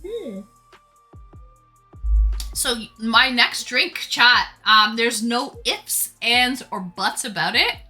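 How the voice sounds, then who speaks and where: Bright-voiced woman hosting a livestream. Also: fairly high pitch, expressive, slow, pauses often, faint music behind. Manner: greets and thanks chat viewers warmly. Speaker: livestream host. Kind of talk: casual drinking livestream chat.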